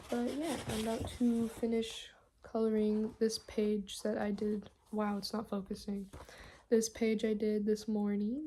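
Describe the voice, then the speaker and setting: A young woman rambles anxiously at home in a casual vlog. Her voice is mellow and fairly flat in pitch, and she talks at an ordinary woman's pitch. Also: a little hiss or hum. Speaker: vlogger.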